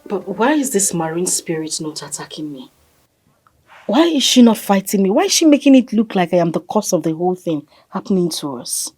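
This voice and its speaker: A woman's voice: on the low side, sing-song, a little fast, a little mellow, husky, faint music behind. A Nigerian-accented woman playing a troubled wife who questions her husband. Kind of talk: Nollywood film acting.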